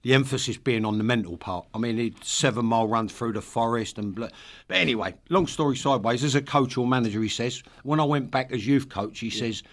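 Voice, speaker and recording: A man's voice: medium pitch, fairly quick, few pauses, fairly bright tone. An older man, a guest telling rambling, blunt stories full of swearing and wisecracks. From East London. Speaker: podcast guest, former football player and manager. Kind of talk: casual chat, storytelling.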